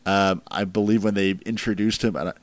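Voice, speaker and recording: A man's voice: fairly low pitch, steady tone, fairly quick, no room sound. A man hosting a casual podcast chat, rambling with lots of fillers. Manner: rambling, filler-heavy, laughs at crude jokes. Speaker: podcast host ranking wrestling matches.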